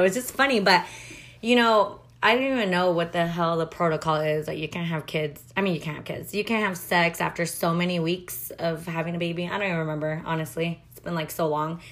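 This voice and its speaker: A woman's voice: fairly low pitch, fairly bright tone. A young woman telling candid stories in a casual confessional way, talking frankly with lots of swearing and filler words. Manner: frank, profane, filler-heavy chatter. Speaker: podcast storyteller.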